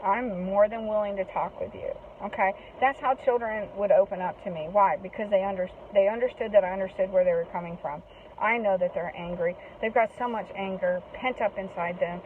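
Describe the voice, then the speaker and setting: A woman's voice: medium pitch, brisk. A woman hosting a casual talk and giving earnest advice to foster parents, often checking in with "okay?" and "guys". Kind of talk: casual direct-to-camera talk. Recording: tinny phone-like audio with faint noise.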